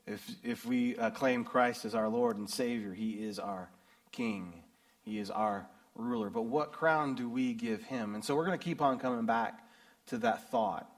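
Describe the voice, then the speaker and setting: A middle-aged American man preaching a sermon and reading scripture, swinging between loud emphasis and hushed, low passages. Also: unhurried. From United States. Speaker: pastor.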